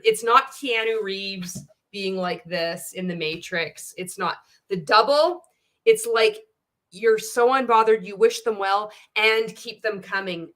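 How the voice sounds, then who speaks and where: Woman ranting on a livestream, cusses a lot, keeps cracking up, teasing and loud. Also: mid-range voice. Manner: profane, laughing often, animated and teasing. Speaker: livestream host reading chat comments. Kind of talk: casual livestream commentary.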